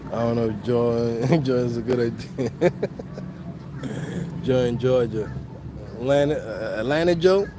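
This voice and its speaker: A man's voice: mid-range voice, fairly even intonation, slow, long pauses, background noise. A man from the Dominican Republic with a New York accent, hosting a casual livestream in loose, slangy talk full of swearing, recorded on a phone outdoors. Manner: loose, slangy, swears a lot, laughs often. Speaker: host of a coding channel livestream.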